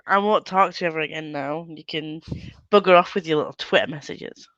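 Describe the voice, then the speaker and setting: A woman hosts a reading sprint over a video call, laughing often and teasing her friends as she chats. Her voice sits at a middle pitch and comes through a dry, slightly muffled computer mic. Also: a little fast, a bit bright, no room sound. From England. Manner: giggly, teasing, chatty. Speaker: booktube host. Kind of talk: casual chat on a video call.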